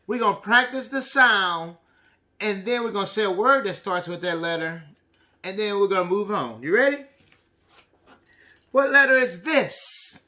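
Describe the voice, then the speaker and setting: A man teaching a preschool lesson, prompting the children in an animated, sing-song call and response. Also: high-pitched, normal speed, pauses often.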